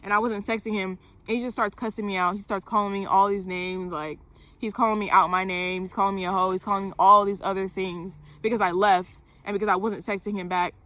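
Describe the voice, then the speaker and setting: A woman's voice: mid-range voice, steady tone, fairly quick, pushed and bright. A young woman vlogger telling a personal story to camera, candid, with lots of fillers and swearing.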